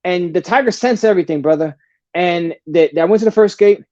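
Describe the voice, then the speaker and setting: Fast, high-voiced brash storyteller guy. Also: a little mellow, highs cut off. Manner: brash, profane storyteller who keeps saying "bro" and "brother". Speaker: podcast guest. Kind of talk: storytelling in casual chat.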